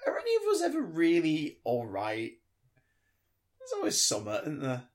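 A man co-hosting a casual podcast, wry, with theatrical announcements and deadpan asides. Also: fairly high pitch, moderate pace. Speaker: podcast co-host. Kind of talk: casual chat.

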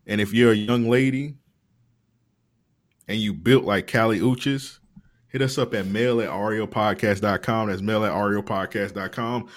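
A man's voice: lowish voice, fairly even intonation, moderate pace. A young man with a Florida accent, hosting a podcast and telling loose, profane stories in casual chat. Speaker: podcast host.

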